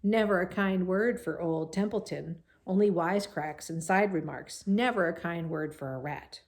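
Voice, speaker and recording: A woman's voice: lowish voice, moderate pace, close to an everyday voice. Woman doing a grumbling, sarcastic old rat. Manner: growling, mocking and indignant.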